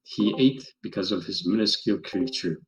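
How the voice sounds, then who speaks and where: A man reading a fan story aloud to friends in a voice chat, measured, with stumbles and restarts. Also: fairly low pitch, poor audio. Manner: reads in a plain measured way with stumbles and chuckles. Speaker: story reader.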